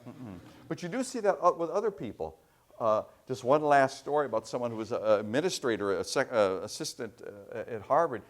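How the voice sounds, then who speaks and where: Animated man telling lecture anecdotes. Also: medium pitch, a little fast. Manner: animated storyteller, frequent restarts. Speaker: professor giving a guest lecture.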